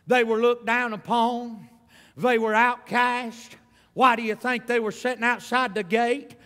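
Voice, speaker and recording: High, bright preacher in church. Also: male voice. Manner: folksy, emphatic preaching with drawn-out phrases. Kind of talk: revival sermon. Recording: hall reverb.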